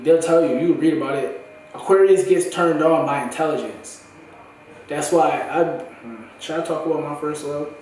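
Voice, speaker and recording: A young man in a candid, profane, slang-heavy monologue for his vlog, his voice going hoarse. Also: a little high, a little hiss or hum. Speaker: vlogger. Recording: echoey room, far from the mic.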